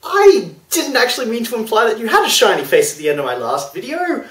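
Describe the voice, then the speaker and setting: A man's voice: very high voice, fast talker. A young man talking casually and self-deprecatingly in a video diary, recorded from a distance in a room. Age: young adult. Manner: chatty, self-deprecating, animated. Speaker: vlogger. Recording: roomy, distant mic.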